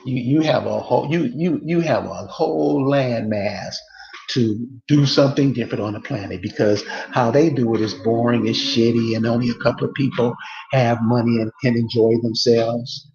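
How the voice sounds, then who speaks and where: A man's voice: medium pitch, normal speed, gravelly, darkish tone, echoey room, lo-fi sound. A man delivering a casual, emphatic monologue to his viewers, repeating rhetorical questions over and over. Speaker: online commentator.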